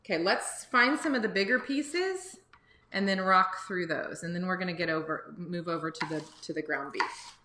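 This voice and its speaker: A woman's voice: lowish voice, moderate pace, sharp tone, roomy sound, a little hiss or hum. Chatty woman teaching kids to cook. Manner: encouraging, chatty, addresses viewers directly. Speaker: cooking teacher and livestream host. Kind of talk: live cooking lesson for kids. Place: home kitchen. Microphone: phone or camera on livestream.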